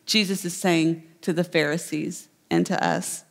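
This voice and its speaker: A woman pastor preaching a sermon, retelling a parable with animated storytelling. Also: fairly low pitch, a little slow, hardly any pauses, in a large hall. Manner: storytelling, voicing the characters in the parable. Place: church sanctuary.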